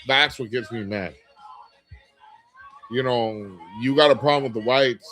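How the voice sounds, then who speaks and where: A man's voice: medium pitch, measured pace, pauses often, sharp tone, soft background music, poor audio. A middle-aged man hosting a casual livestream, reading viewer comments aloud and talking candidly, rambling with fillers and restarts. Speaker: livestream host.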